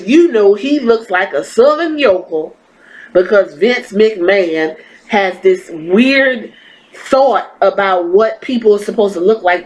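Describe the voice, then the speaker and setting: A woman's voice: medium pitch, low-quality recording. A woman hosting a podcast, delivering blunt, profane and exasperated commentary on wrestling. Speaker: podcast host.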